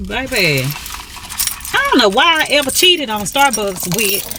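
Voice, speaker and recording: A woman's voice: on the high side, slow, background noise. A woman, chatting casually to her viewers in a vlog recorded in her car. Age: 50s. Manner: chatty, animated, calls viewers baby. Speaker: vlogger. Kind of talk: casual chat.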